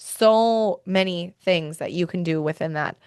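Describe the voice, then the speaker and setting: A woman's voice: on the low side, a little slow, darkish tone, smooth, no room sound, studio quality. A woman hosting a faith and wellness podcast, speaking earnestly and with feeling, often worked up about her point. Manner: earnest, heartfelt, gets worked up. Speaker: podcast host. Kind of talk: faith-based wellness talk.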